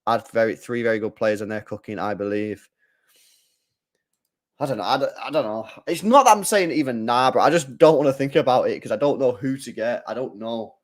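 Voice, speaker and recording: A man hosting a live football watchalong, chatting casually, reading viewer comments and getting loud when play heats up. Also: mid-range voice, fairly quick. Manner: chatty, swings from mumbling to excited shouting. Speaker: live stream host.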